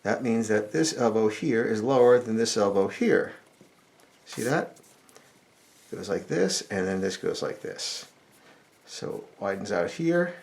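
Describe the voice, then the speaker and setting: A middle-aged man teaching drawing step by step, talking in a relaxed, explanatory way as he sketches. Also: lowish voice, unhurried, vocal fry, pauses often. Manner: relaxed explanatory, thinking aloud while sketching. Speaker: drawing instructor.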